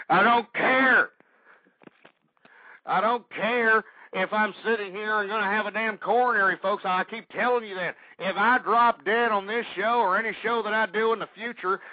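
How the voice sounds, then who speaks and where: Ranting talk radio host, tinny audio. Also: male voice, high-pitched, slightly rough, no echo. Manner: angry, shouting, repeatedly addressing "folks". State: breathing hard.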